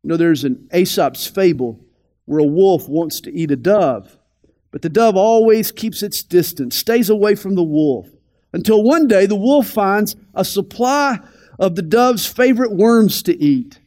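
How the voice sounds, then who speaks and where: A man with a notably high voice teaches scripture on the radio. He is deliberate and emphatic, and he drops into soft, quiet asides. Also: animated. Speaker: pastor.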